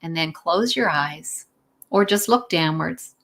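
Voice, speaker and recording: A woman wellness coach leading a live-streamed breathing lesson from her phone, relaxed and guiding, with fillers and small self-corrections. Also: on the low side, takes it slowly.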